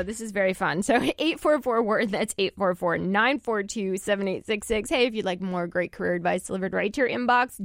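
A woman's voice: on the high side, fairly bright tone, dry recording, clean studio sound. A woman with a New Jersey accent hosting a radio show, chatting casually and laughing often.

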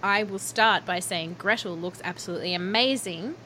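A woman's voice: lowish voice, normal speed, noisy background. A woman co-hosting a podcast, giggly and teasing in casual chat. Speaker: podcast co-host. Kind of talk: casual chat recapping a reality show.

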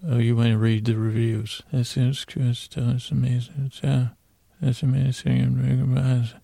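Gravelly, flat-voiced man rambling drowsily. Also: mid-range voice, normal speed, no room sound. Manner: meandering, mumbling, playful asides. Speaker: podcast host. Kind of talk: rambling bedtime podcast talk.

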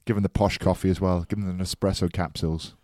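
A man chatting casually on a podcast in a relaxed, matter-of-fact way. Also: deep voice, fast talker, no room sound, clean studio sound.

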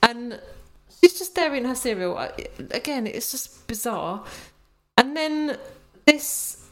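A woman's voice: on the high side, lively intonation, slow pace. Woman, podcast co-host, casual film chat, laughs often, hesitant ums. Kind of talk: casual movie review chat.

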